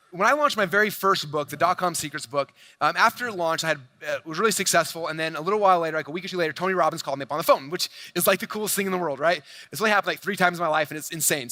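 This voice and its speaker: Energetic male convention keynote speaker in his 40s, rapid pitch-heavy delivery, high-pitched and punchy. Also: dry recording. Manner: fast, hyped, addresses crowd directly, acts out quoted dialogue. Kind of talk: energetic stage presentation. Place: large convention hall stage.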